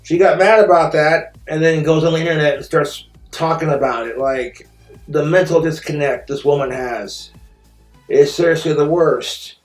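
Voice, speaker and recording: Angry cursing guy ranting, kinda high voice, echoey room, faint music under it. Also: moderate pace. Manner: bitter, profane, indignant. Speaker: streamer telling his story. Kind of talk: angry personal rant.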